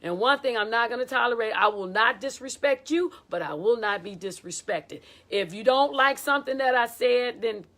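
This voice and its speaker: A woman choir director giving a casual, animated teaching talk and acting out quotes as she tells stories. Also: a little high, moderate pace, hardly any pauses. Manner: animated storytelling with acted quotes.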